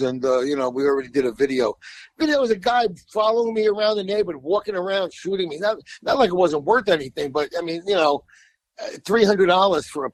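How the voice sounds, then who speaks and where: An older New Yorker, a guest musician in a casual interview, rambles through stories, repeating words and speaking bluntly and colorfully. His voice is fairly high-pitched, and the recording is rough.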